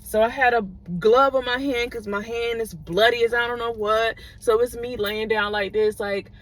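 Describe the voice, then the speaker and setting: A woman's voice: on the high side, fairly even intonation, moderate pace. Chatty, profane woman telling a story. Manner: chatty, profane, digressive, checks in with listeners. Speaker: vlogger. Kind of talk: casual storytelling.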